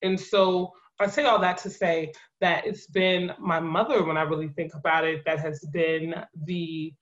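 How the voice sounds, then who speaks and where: A woman in her thirties from New Jersey, a guest in an interview, telling her story in a lively way with laughs and acted-out quotes. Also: fairly low pitch, a little slow. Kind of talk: conversational interview. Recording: muffled lo-fi audio.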